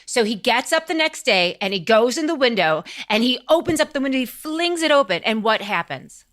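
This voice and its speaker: A woman co-hosting a podcast, telling a story in casual chat with lively, profane energy. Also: a little high, a little fast. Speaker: podcast co-host. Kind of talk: casual chat, comic retelling.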